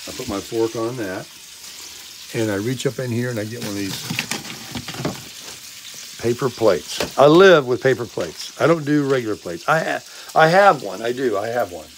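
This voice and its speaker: An older man chats cheerfully to his phone on a selfie stick while bacon sizzles faintly nearby. His voice sits at an ordinary middle pitch but is a little hoarse, and he keeps clearing his throat. He talks in a loose, self-amused way from a small camper kitchen. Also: expressive, normal speed, pauses often, background noise. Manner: upbeat, chatty, self-amused. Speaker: vlog host. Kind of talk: casual chat while cooking. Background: bacon frying.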